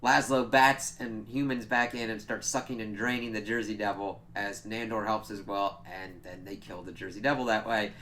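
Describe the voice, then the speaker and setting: A man recaps an episode in a casual, excitable review. His voice is bright and forceful. He swears often and strings thoughts together with lots of "like", over a faint hiss of noise. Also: fairly low pitch, normal speed, hardly any pauses. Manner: excitable, profane, full of "like" fillers.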